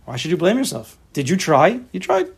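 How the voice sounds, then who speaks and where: Male teacher, gravelly and a bit husky, emphatic lecturer who acts out examples. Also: on the high side, sing-song, a little fast. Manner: emphatic, acts out imagined inner voices. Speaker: teacher of a religious text class. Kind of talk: Torah class lecture, explaining a text to students.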